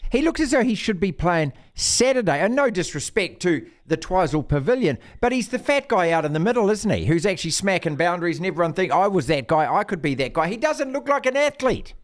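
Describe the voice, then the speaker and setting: Male radio host, high and lively delivery, teasing banter. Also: a little fast, few pauses. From New Zealand. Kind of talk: casual sports chat.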